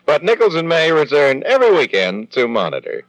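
A man's voice: a little high, huge pitch swings, fairly quick, fairly bright tone, no room sound, soft background music, rough recording. A man announcing on a vintage radio program in a jaunty, playful manner.

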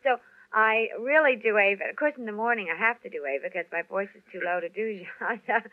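A woman talks through a radio interview in a loose, chatty way, laughing often and trailing off into fillers. Her pitch sits in the middle of the range. The recording has the thin, tinny sound of an old broadcast. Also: fast talker. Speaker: entertainer guest.

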